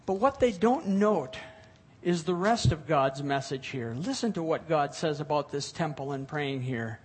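A man's voice: fairly high pitch, lively intonation, measured pace, breathy edge. A middle-aged male pastor preaching a sermon, reading scripture and explaining it with rising emphasis.

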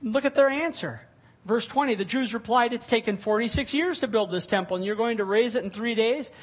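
A man's voice: very high voice, fairly quick, breathy edge. A middle-aged male pastor preaching a sermon, reading scripture and explaining it with rising emphasis.

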